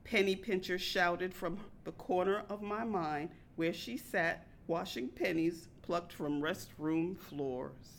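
A woman reading a personal story aloud in a wry, deadpan manner. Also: lowish voice, slow pace, gravelly, few pauses, slight background noise.

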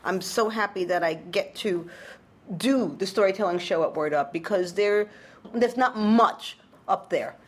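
Woman host, casual interview, curious, lively questions. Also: mid-range voice, measured pace. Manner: animated, curious, exclamatory. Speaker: host, storytelling show curator.

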